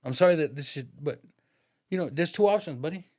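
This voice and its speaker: A man's voice: fairly high pitch, quick pace. A man as a podcast guest, telling a story in casual, profane, slangy talk and acting out the voices in it. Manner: lively, acts out the voices in his stories.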